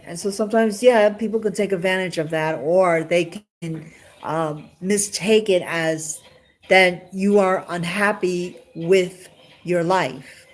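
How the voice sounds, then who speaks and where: Speaking in a lowish voice, a woman chats on a live stream, addressing a viewer head-on and repeating the same questions again and again, rambling and emotional.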